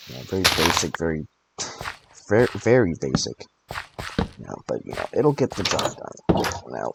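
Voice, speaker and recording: Young man, eighteen, very low voice, groggy and tired, rambling gameplay commentary, clicking noise behind. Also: creaky. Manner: drowsy, rambling, joking asides. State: tired and groggy from allergy pills. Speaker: gaming channel host.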